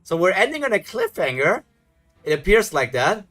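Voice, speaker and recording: A man's voice: high voice, sing-song, moderate pace, a bit bright. A man hosting a casual live reaction video, thinking aloud in a musing, hesitant way, with faint music behind him.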